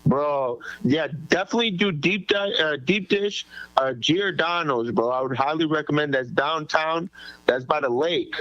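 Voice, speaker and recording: A man's voice: a little high, normal speed, a bit bright, no echo. Easygoing man on a dull call line. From Chicago. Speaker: caller. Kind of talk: casual chat. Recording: dull dry call audio.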